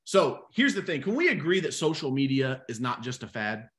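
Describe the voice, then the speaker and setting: A young adult man coaching insurance agents in a live webinar, energetic and talking straight to the chat. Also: mid-range voice, normal speed. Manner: energetic, animated, talks to the chat.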